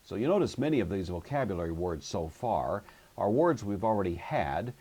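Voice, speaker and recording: A man teaching a recorded Greek grammar lesson, explaining methodically and patiently and slowing down to pronounce each example word. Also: on the low side, big pitch swings, dark tone, slightly rough.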